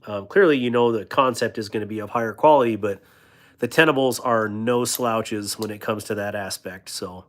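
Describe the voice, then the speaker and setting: In a fairly bright, lowish voice at normal speed, a thirty-something man reads comments from viewers on his knife channel's livestream. He riffs on them loosely, rambling, joking, and laughing frequently.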